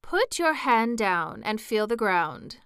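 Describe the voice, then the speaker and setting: A woman voicing a loud, fretful female tiger lily flower in a storybook reading, talking in a scolding way. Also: fairly high pitch, very animated, takes it slowly, clean tone, dry recording, clean studio sound, heavily acted. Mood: haughty.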